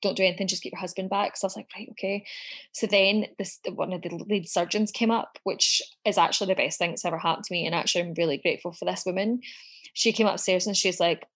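A woman's voice: fairly low pitch, steady tone, quick pace, a bit bright. A woman telling a personal story frankly, with swearing, and acting out what others said. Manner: frank, sweary, acts out quoted dialogue.

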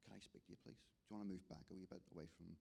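A man's voice: low-pitched, steady tone, racing, gravelly, mellow, slightly rough. A man with a Northern Irish accent telling a church testimony story, acting out the dialogue with frequent restarts. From Northern Ireland. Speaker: restorative justice volunteer giving testimony.

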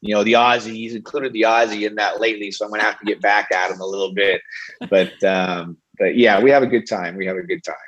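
Low-voiced rambling male guest, lo-fi. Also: little pitch movement, fast talker, fairly bright tone. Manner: rambling, many fillers. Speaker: TV actor, interview guest. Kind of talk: casual interview chat.

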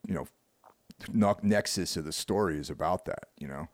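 A man's voice: sits low, moderate pace, no room sound, studio quality. A man co-hosting a podcast in casual chat, rambling with many "like"s and "you know"s. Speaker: podcast co-host.

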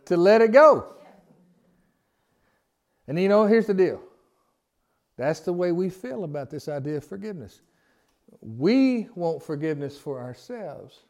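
A man with a notably high-pitched speaking voice leads an informal Bible study. He reads scripture aloud, then turns to his listeners with plain, folksy questions, often restarting his phrases as he goes. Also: a little mellow. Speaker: Bible teacher. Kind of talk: conversational Bible study teaching.

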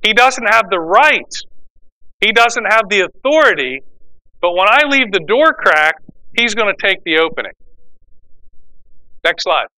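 A pastor preaching a sermon, explaining scripture and acting out the voices of the people in it. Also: male voice, high voice, rough recording. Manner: animated preaching, acts out quoted voices.

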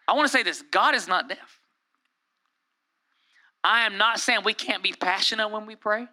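A young male pastor preaches in a lively, chatty way. His voice sits high for a man and rings very bright. He keeps breaking into acted-out quotes. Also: normal speed, long pauses. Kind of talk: sermon.

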